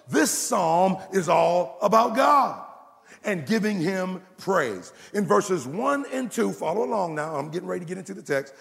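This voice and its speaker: A man preaching a sermon as pastor, emphatic and building to shouts, in a church. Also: sits high, expressive, normal speed, gravelly. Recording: long hall reverb.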